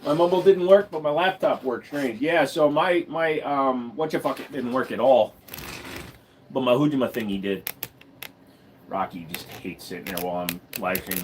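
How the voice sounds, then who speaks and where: A man chatting casually on a live stream, swearing freely and talking to his dog in a high singsong. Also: expressive, normal speed, pauses often, a little hiss or hum.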